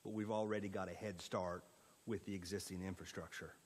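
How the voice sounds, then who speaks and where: A man's voice: low voice, steady tone, fairly quick, long reverb tail, a little hiss or hum. Man presenting at a county meeting. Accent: Indiana. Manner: structured, with frequent fillers. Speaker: economic development presenter.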